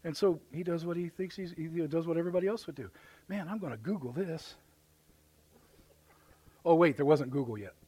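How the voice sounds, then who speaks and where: A man's voice: a little high, fast, hardly any pauses, mellow. A man with a Midwestern American accent, preaching a live sermon as pastor in folksy storytelling, acting out voices and exclamations. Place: church sanctuary, live service.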